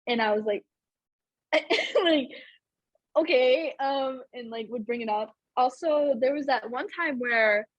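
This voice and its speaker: Young woman podcast host chatting away, kinda breathy, dry close sound. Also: fairly high pitch, measured pace, dry recording, dull audio. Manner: chatty, lots of fillers and laughs. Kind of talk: casual chat.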